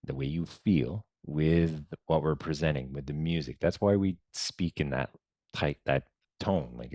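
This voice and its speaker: A man leading a meditation lesson in a relaxed, chatty way, often dropping to soft murmurs and mumbling. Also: very deep voice, no echo. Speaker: meditation guide. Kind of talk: casual guided-meditation talk.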